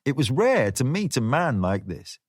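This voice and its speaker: A man narrating a thriller audiobook in a measured, expressive reading. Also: medium pitch, dry recording, clean studio sound.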